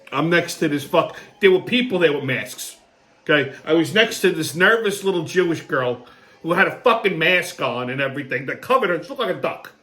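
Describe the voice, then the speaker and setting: A man hosting his own show, telling a story as a comedic monologue, profane and sarcastic, swinging between low muttering and excited outbursts. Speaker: host.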